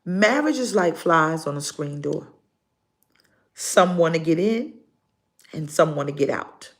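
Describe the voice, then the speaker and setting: An older woman pastor preaching a live sermon, pausing dramatically and acting out her stories. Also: sits low, animated. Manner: slow, preaching with dramatic pauses and acted-out stories.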